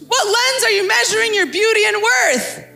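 A woman's voice: extremely high pitch, moderate pace, gravelly, pushed and bright, faint music behind. A young adult woman pastor preaching a sermon, passionate and rising to fervent exclaiming.

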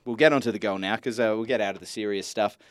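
Aussie bloke on a footy podcast, low-ish smooth voice, blunt, swears a bit. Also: male voice, quick pace, dry recording, studio quality. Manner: chatty, blunt, swears freely. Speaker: podcast co-host. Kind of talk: casual sports podcast chat.

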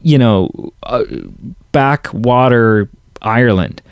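A man's voice: medium pitch, slow pace, smooth, no echo, studio quality. A man co-hosting a casual movie podcast, rambling with lots of fillers and restarts. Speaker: podcast co-host.

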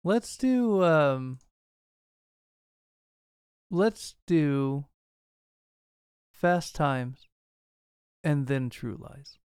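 A man's voice: on the high side, expressive, drawn-out words, long pauses, darkish tone, clear, resonant tone, dry recording, clean studio sound. A man hosting a movie podcast, chatting casually and steering the talk. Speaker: podcast host. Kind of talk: casual chat.

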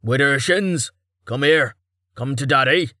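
A man's voice: mid-range voice, unhurried, bright, forceful tone, no room sound, clean studio sound, pitched above the performer's own voice. A man voicing a jovial, burly male adventurer who coos at a goat and says "aye". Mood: playful.

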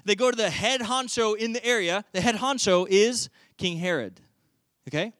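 A man preaching a sermon, retelling a story in a lively, conversational way. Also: sits high, moderate pace, dry recording. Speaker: pastor.

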